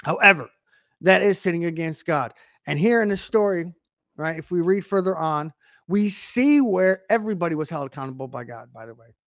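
A man's voice: fairly high pitch, lively intonation, brisk, a bit bright, no echo, clean studio sound. A man preaching a conversational sermon, adding frequent asides and repeating phrases for emphasis.

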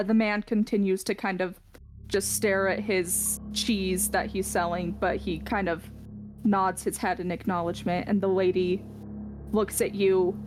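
A woman narrating a tabletop game as game master in a relaxed, hesitant way, with many fillers. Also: mid-range voice.

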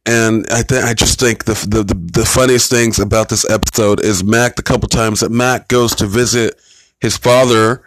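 A man's voice: on the low side, steady tone, moderate pace, no room sound, low-quality recording. Blunt, profane man recapping TV. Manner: profane, blunt, loose retelling. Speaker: TV episode reviewer. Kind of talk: casual rambling commentary.

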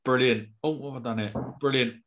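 A man's voice: mid-range voice, fairly even intonation, fast, a bit bright. A man hosting a podcast, wrapping up in a friendly, filler-heavy way. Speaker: podcast host. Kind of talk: casual podcast chat and sign-off.

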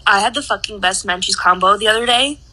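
A woman's voice: mid-range voice, fast, pushed and bright, low-quality recording. A woman in her twenties hosting a podcast, chatting casually and cursing, with lots of "like" in her speech. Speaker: podcast host. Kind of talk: casual chat.

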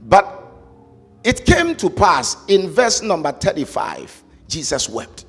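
A man preaching a sermon, emphatic and sing-song, rising to shouts and asking the congregation to repeat phrases. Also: sits high, huge pitch swings, takes it slowly, husky. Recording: reverberant hall with faint music.

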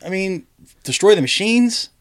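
A man hosting a casual podcast chat, telling animated stories, swearing often and acting out quotes in a higher voice. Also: moderate pace. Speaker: podcast host.

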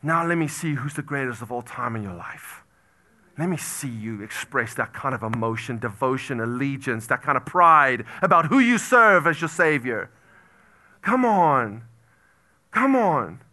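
A male pastor delivers an animated sermon in a medium-pitched voice at a moderate pace. He swings between loud exclamations and hushed near-whispers, repeating phrases for emphasis.

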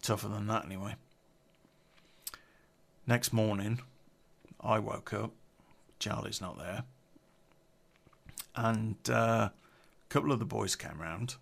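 A man's voice: on the low side, takes it slowly, gravelly, long pauses. A man telling an unedited personal story on a podcast, blunt, sweary and rambling, drinking beer as he talks.

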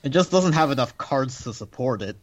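A man's voice: mid-range voice, lively intonation, a little fast. A man co-hosting a casual chat, hesitant and leaning on "like". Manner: hesitant, leans on "like". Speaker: podcast co-host. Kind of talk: casual chat about a card game. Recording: dull lo-fi audio.

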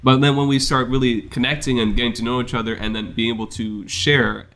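A young man chatting casually with a friend, talking in a soft, reflective, candid way. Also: medium pitch, flat delivery, fairly quick. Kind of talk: casual chat between friends.

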